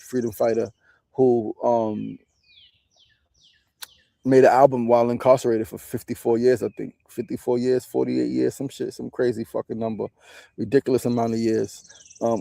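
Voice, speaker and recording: Gravelly, dark-voiced New man. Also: medium pitch, no room sound. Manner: candid, profane, often tags lines with "right?". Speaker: podcast host and meditation teacher. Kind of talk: reflective casual monologue.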